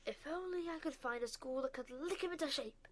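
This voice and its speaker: A loud, blustering middle-aged banker barks and rants about discipline, as a woman reading a storybook puts him on. His voice sits fairly high and booms with bluster. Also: fairly quick, slight background noise, natural voice. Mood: ranting. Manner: loud, ranting, snapping. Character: blustering pompous middle-aged male banker, bad-tempered.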